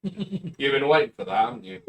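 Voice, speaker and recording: A man's voice: mid-range voice, brisk, slight background noise. A man playing in a tabletop game, chatting casually and joking with the others. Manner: joking, swears freely, animated outbursts. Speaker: player.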